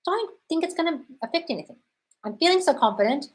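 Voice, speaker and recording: A woman's voice: very high-pitched, animated, fast talker. An Australian woman hosting a live question-and-answer stream in a chatty, casual way, calling viewers "darling" and swearing freely. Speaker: host of a live manifesting Q&A.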